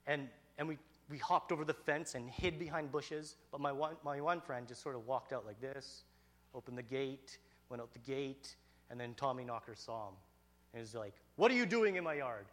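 A man telling a personal story in an animated, excitable way, with frequent restarts. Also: medium pitch, moderate pace.

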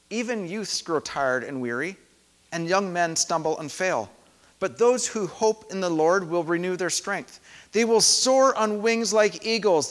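Pastor guy preaching in a big echoey church, highish bright voice, calm and thoughtful, goes soft then gets loud. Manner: calm, reflective preaching with soft drops and loud call-and-response shouts. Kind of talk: sermon. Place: church sanctuary. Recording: echoey hall.

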